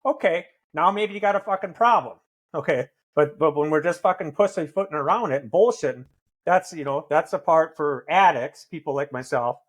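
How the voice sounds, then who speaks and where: A middle-aged man speaking in a fairly high register, swearing freely as he lectures with tough-love bluntness. His delivery is emphatic and preachy, like a recovering addict who has earned the right to call people out. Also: lively intonation, fairly quick. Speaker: podcast guest, author in recovery. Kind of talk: blunt conversational storytelling.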